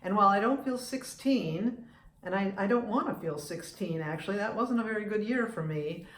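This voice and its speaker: A woman in her seventies from the United States talks to camera on her own vlog, opinionated and chatty. She often breaks off and restarts her sentences. Her voice sits at an ordinary pitch, and the room around her is noticeably echoey. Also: normal speed. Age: 70s. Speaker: vlogger and humorist. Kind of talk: casual talking-to-camera vlog.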